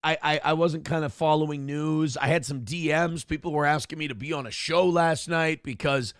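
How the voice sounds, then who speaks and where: A man's voice: on the high side, fairly even intonation, normal speed, dry recording, studio quality. A man hosting a livestream, ranting combatively and sarcastically at his critics, mocking their voices. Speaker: livestream host.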